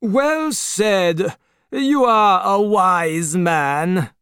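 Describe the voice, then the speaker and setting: A reader voicing a proud, pitiless aristocratic man of about sixty who talks in a slow, contemptuous drawl. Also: mid-range voice, fairly bright tone, clear, resonant tone, no echo, studio quality, voice pushed up. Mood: haughty. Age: 60s.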